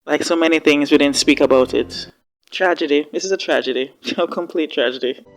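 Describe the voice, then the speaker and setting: A woman's voice: low voice, fairly quick. A woman hosting a reaction video, chatting casually and emotionally, often exclaiming and repeating words for emphasis.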